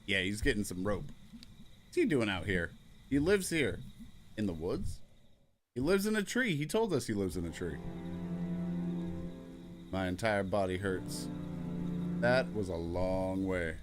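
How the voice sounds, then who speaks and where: A man hosting a let's play, reading every character's lines aloud in turn, quick and offhand. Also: low voice, very animated, over music. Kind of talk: reading game dialogue aloud.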